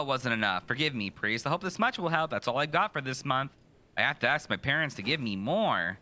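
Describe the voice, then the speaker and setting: A young man playing a horror game, joking, swearing and reacting loudly in casual commentary. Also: medium pitch, lively intonation, brisk. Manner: joking, profane, loud reactions. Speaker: gaming streamer. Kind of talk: casual let's-play commentary.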